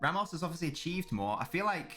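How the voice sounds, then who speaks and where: A man's voice: on the high side, big pitch swings, fast, bright, forceful tone, faint music behind. A man chatting casually as a live streamer during a football watchalong, rambling and swearing freely while answering chat.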